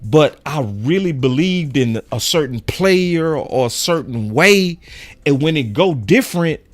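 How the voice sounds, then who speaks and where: A young man hosting a sports show in casual, animated chat, full of slang and quick laughs. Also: a little high. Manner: animated, slangy, laughs often, quotes fans in raised voice.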